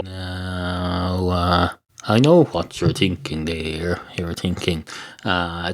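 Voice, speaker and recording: A man hosting a podcast, telling a comic story in a digressive, deadpan way with many hesitations. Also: deep voice, drawn-out words. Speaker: podcast host.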